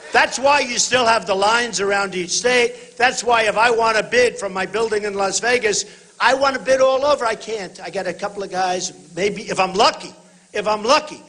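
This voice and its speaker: Emphatic rally speaker with a bright, high voice. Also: male voice, low-quality recording. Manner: emphatic, repeats short punchy phrases, often shouts to the crowd; talks directly to the audience, addressing them as folks. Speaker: political candidate speaking at a rally. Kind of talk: campaign rally speech. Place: large indoor rally venue.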